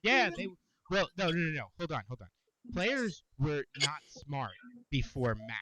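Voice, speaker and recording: A man co-hosting a casual gaming talk show, measured and wry, calming the others' arguments. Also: a little high, highs cut off, heavy background noise. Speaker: podcast co-host. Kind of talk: casual chat among friends.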